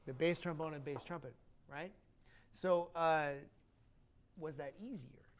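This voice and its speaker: A man leads a master class for low brass players, breaking into sung syllables to model how a phrase should lean toward the downbeat. His voice sits a touch high for a man. A faint hiss runs under the recording. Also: a little slow. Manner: sings rhythms aloud on syllables to demonstrate phrasing. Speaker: trombone teacher leading a master class. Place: concert hall stage.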